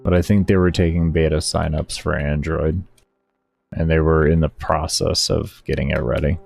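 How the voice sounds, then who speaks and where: Deep-voiced man chatting with his stream. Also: little pitch movement, moderate pace, vocal fry, darkish tone. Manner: laid-back, slangy, talking to viewers. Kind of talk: casual chat with live chat. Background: faint background music.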